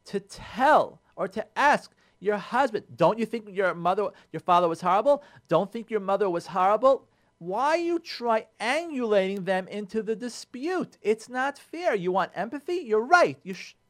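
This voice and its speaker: A man, a rabbi, giving marriage advice on a radio show in an animated way, repeating phrases and mixing in Hebrew terms. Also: sits high. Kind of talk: radio talk. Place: radio studio.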